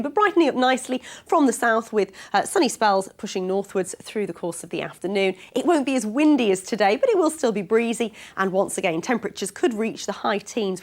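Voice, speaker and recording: A woman presenting the regional TV weather forecast in a brisk, friendly manner. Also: medium pitch. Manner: brisk, friendly, lightly hesitant.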